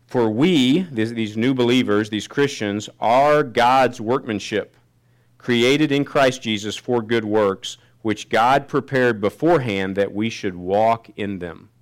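A man preaching a sermon, reading scripture slowly and then telling a personal story. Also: medium pitch. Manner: slows down to read scripture, then tells a story. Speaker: pastor.

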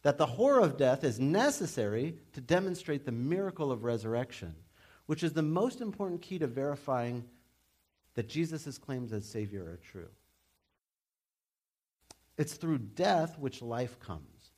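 Animated male preacher, conversational. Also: medium pitch, unhurried, slightly rough. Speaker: pastor. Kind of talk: sermon.

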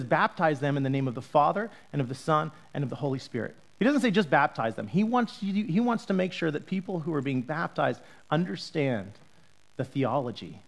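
A middle-aged man from Utah, a pastor preaching a casual, storytelling sermon with many fillers. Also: fairly high pitch. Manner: conversational, animated storytelling with fillers.

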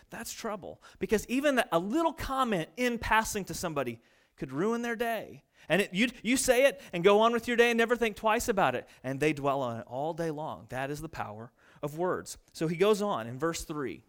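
Animated high-voiced preacher man. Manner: fast-talking, animated, mimics people in quick asides. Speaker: pastor. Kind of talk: sermon.

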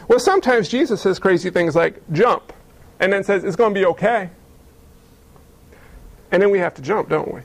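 A man preaching a conversational sermon as pastor, folksy and animated, acting out quick bits of dialogue. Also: high voice, vocal fry.

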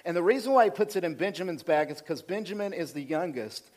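Animated preaching man, higher voice. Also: fast. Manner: retells scripture in an animated, conversational way, swinging between loud and soft. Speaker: senior pastor. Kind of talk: sermon.

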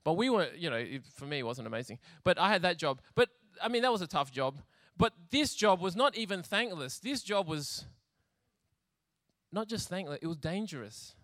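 Male preacher, casual and funny, crisp bright tone, dry close sound. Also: high-pitched, lively intonation, normal speed, dry recording. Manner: chatty, laughs often, acts out scenes. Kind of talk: humorous sermon storytelling.

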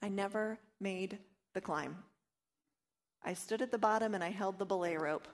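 A woman leads a devotional teaching in a mid-pitched voice. She talks earnestly and personally, telling her own stories and acting out the doubtful inner voice before she turns to scripture. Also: normal speed. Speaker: Bible study teacher.

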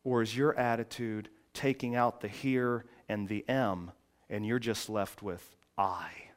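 Slow, resonant male preacher. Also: on the low side, steady tone. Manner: builds from quiet reflective passages to loud emphatic preaching. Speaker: pastor. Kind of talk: sermon.

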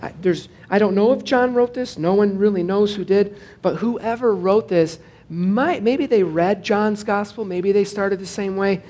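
A man, a pastor, preaching a sermon in a casual, digressive way, joking with the congregation and slowing down to stress scripture. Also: high voice, darkish tone. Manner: conversational and digressive, with jokes to the congregation.

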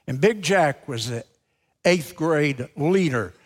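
Male preacher, earnest direct sermon delivery, slightly high-pitched voice. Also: animated, takes it slowly. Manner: earnest, addresses listeners directly. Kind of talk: sermon with storytelling.

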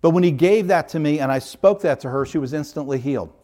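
A man's voice: fairly high pitch, fast, mellow. A middle-aged man, a pastor, preaching a sermon in an earnest, emphatic way, stacking up repeated parallel phrases.

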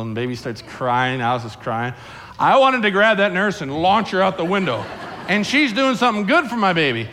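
A middle-aged man preaching a sermon in a playful, animated way, telling stories and acting out voices. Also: medium pitch. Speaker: pastor.

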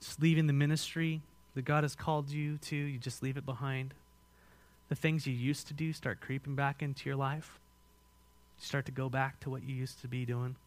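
A man with an American accent preaching a sermon as pastor, swinging between loud emphatic lines and hushed ones and asking the congregation questions. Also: medium pitch, level tone, normal speed. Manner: asks the congregation direct questions.

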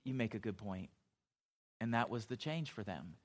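A man's voice: fairly low pitch, lively intonation, moderate pace. A middle-aged man preaching a sermon as a pastor, telling stories in an easy, conversational way, with frequent restarts and asides.

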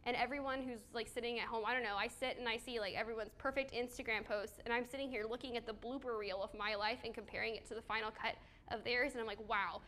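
A woman's voice: fairly high pitch, fairly even intonation, fast talker, hardly any pauses, a bit bright. A woman giving a casual sermon to a small live group on a handheld mic, chatty and self-deprecating, with fillers and questions to the audience. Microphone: handheld microphone.

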